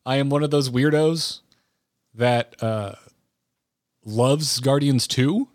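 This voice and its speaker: A man's voice: mid-range voice, slow, no echo, studio quality. A man co-hosting a podcast, chatting casually and eagerly about films, rambling with many restarts. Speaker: podcast co-host. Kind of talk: casual movie chat.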